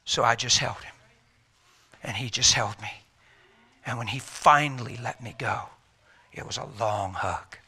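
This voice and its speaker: A man giving an emotional faith testimony as a guest, animated and swinging from loud to hushed. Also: mid-range voice, a little slow, pauses often, breathy edge. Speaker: guest telling a personal story.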